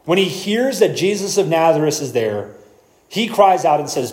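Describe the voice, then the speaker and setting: A pastor preaching an expository sermon, explaining scripture verse by verse and reading passages aloud slowly. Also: male voice, a little high, big pitch swings, darkish tone, roomy sound, rough recording.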